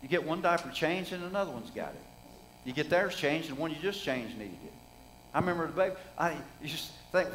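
A man's voice: fairly high pitch, lively intonation, a little fast, fairly bright tone, a little hiss or hum, poor audio. A middle-aged man preaching a sermon in a folksy, conversational way, asking the congregation rhetorical questions.

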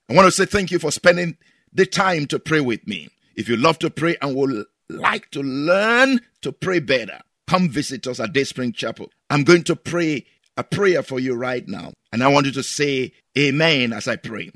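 A man's voice: mid-range voice, lively intonation, normal speed, fairly bright tone, no room sound, clean studio sound. A man preaching as a pastor, repeating each line with emphasis and leading the listener through prayers. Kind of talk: prayer sermon.

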